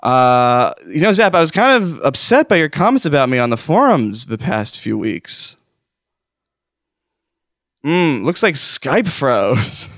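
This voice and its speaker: A man's voice: mid-range voice, very animated, measured pace, fairly bright tone, no room sound, studio quality. A man hosting a comedic call-in show, talking in a rambling, self-deprecating, mock-wounded way.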